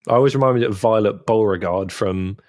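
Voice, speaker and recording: A man's voice: on the low side, fairly quick, a little mellow, dry recording. A man co-hosting a podcast in casual chat, rambling and laughing at himself. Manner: giggly, rambling, self-deprecating. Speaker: podcast co-host.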